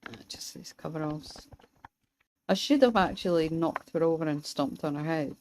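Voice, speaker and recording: A young Scottish woman streaming a game, chatting wryly with her viewers and pausing mid-thought. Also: sits low, slight background noise, rough recording. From Scotland. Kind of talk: casual gameplay commentary, chatting with viewers.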